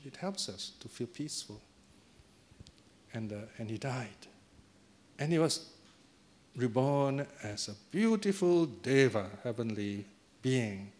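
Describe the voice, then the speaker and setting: A man giving a dharma talk as a Buddhist teacher, telling a story in a chatty way with chuckles and tag questions to the audience. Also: mid-range voice.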